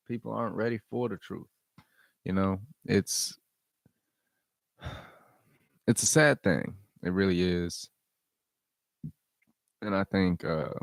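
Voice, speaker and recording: A man's voice: deep voice, vocal fry, a little mellow, no echo, clean studio sound. A man hosting his own vlog, giving blunt, profane commentary and repeating his points for emphasis. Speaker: vlog host. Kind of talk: casual rant commentary.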